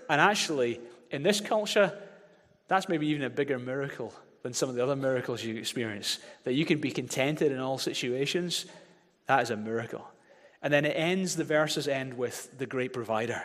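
Passionate preacher in a reverberant hall. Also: male voice, mid-range voice, expressive, moderate pace, a bit bright. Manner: passionate, building to emphatic peaks, leads congregation in repeating verses. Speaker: pastor. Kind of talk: sermon.

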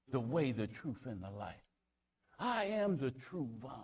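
Preaching at an unhurried pace, this man has a husky, sing-song voice that shifts from booming statements to near-whispers. He reads King James scripture aloud and leans on repetition to drive points home.

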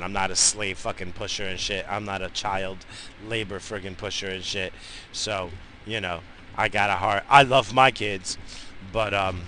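Brief: New guy, dad, heated swear-heavy car rant, forceful bright tone, faint road hum. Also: lowish voice, rough recording. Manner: profane, blunt, heated. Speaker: father vlogging while driving. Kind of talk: rambling casual rant. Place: in a moving car.

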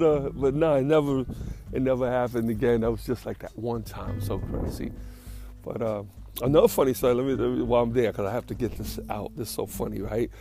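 A man's voice: medium pitch, fairly even intonation, fairly quick, mellow, soft background music. A man hosting a podcast, telling rambling, profane, self-amused stories in casual talk. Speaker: podcast host. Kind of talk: casual storytelling.

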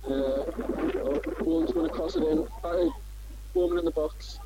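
A man reporting on a football match over a mobile phone from a windy ground, speaking in a flat, laconic, hesitant way. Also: a little high, measured pace, breathy edge. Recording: windy phone call with faint noise.

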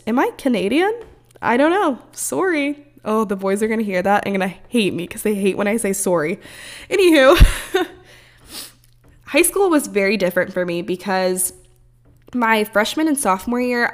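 A young woman in her early twenties hosts a loose, unscripted podcast. She rambles casually, wanders off track and swears freely in her talk. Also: mid-range voice. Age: early 20s. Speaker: podcast host.

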